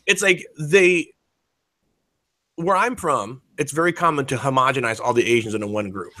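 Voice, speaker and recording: A man in his forties rambles through a casual chat, swearing freely and restarting his sentences. His voice is bright and forceful, set at a middle pitch. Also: moderate pace, no echo. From United States. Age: 40s. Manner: rambling, profane, many fillers and restarts.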